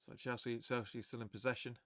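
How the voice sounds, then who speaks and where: Male fan host, bright raised voice, dry close mic, excitable live match chatter. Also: mid-range voice, quick pace, dry recording. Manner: excitable, chatty, swears, reads viewer comments aloud. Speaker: fan watch-along host. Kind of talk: live match watch-along commentary.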